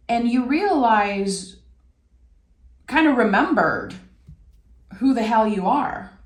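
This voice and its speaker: A woman from Québec giving an intuitive tarot reading in a reflective, meandering, gently encouraging way. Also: a little high. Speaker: tarot reader. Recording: echoey room.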